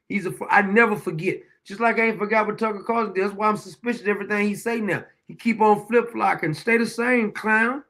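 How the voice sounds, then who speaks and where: A man's voice: sits high, fairly bright tone. A man hosting a talk show, ranting bluntly and profanely in heated political commentary. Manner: talks back to his own clips.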